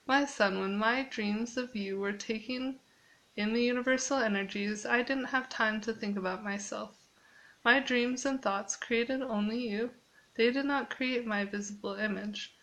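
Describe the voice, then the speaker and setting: A woman reading aloud as a calm, patient fatherly creator god who speaks softly. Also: fairly high pitch, low-quality recording.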